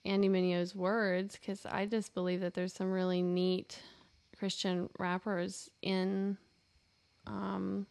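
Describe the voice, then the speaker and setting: A woman's voice: medium pitch, little pitch movement, slow, vocal fry, darkish tone. A woman co-hosting a podcast in casual chat, hesitant and often repeating words. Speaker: podcast co-host.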